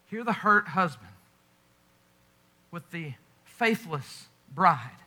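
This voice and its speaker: A man preaching a sermon with passion, often dropping to a hushed, intense delivery. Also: a little high, expressive, drawn-out words, long pauses. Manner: impassioned preaching with dramatic drops to a hush. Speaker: pastor.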